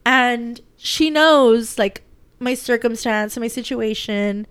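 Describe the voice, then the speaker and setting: In a casual personal vlog, a young woman chats about her day, rambling and using many fillers while fighting back tears. She has a fairly high, slow voice that's a bit bright and smooth, recorded dry.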